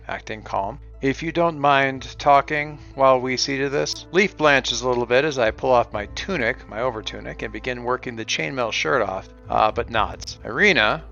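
A man's voice: mid-range voice, bright, forceful tone. Guy telling his solo rpg story, kinda wry, dull lo-fi sound. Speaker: solo game player and narrator. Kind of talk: narrating a solo tabletop game. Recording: dull lo-fi with faint music.

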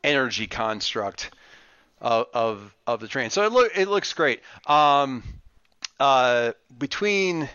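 A man's voice: medium pitch, big pitch swings, slow, sharp tone, smooth, no room sound. A man narrating as game master of a tabletop game, rambling with many fillers and restarts, over an online voice call. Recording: muffled lo-fi voice chat.

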